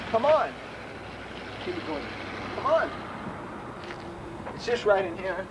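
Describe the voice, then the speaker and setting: Teen male joker, fake-announcer patter, animated pitch, hissy home video. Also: slow pace, long pauses. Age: teens. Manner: mock TV-host patter, joking. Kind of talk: goofy home video clowning. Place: indoors, convenience store. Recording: noisy home camcorder audio.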